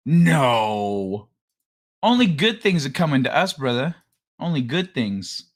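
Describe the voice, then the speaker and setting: A man's voice: on the high side, very animated, normal speed. A man hosting a casual livestream, rambling and joking as he greets viewers by name. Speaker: livestream host.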